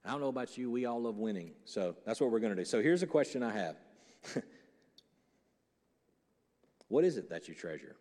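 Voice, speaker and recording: A man preaching a sermon as a pastor, joking and animated, dropping from loud punchlines into hushed, slow reflection. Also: medium pitch, big-room sound.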